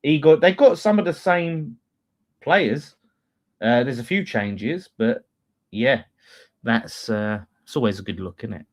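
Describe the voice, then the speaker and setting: A man's voice: mid-range voice, lively intonation, measured pace. A man giving blunt, opinionated takes in a casual football chat. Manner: blunt, opinionated, swears freely. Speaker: fan channel co-host.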